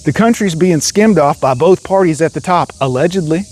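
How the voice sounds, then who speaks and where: A man's voice: a little high, moderate pace, a little mellow. A man delivering an angry, profanity-laden rant straight to camera as a vlogger. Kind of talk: ranting monologue.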